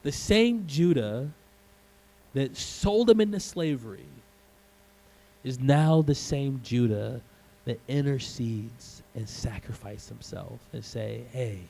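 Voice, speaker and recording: A male pastor preaching a sermon in a church, telling the story in an animated way and acting out the scenes. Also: mid-range voice, slow, creaky, poor audio.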